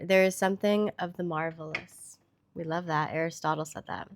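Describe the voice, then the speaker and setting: A woman's voice: low-pitched, fairly even intonation, moderate pace, vocal fry. A woman hosting a casual tarot reading vlog, chatty and loose, with the odd swear word. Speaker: tarot reader.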